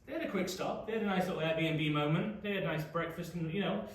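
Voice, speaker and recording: A youth pastor with an English accent talks quickly in a fairly high voice while running a relaxed Bible study for young people. He's chatty and keeps asking the group questions, recorded from afar in an echoey church youth room.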